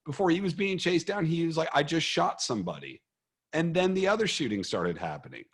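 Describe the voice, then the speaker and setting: A man hosting a casual podcast, talking in an animated way and swearing freely. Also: a little high, quick pace. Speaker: podcast host.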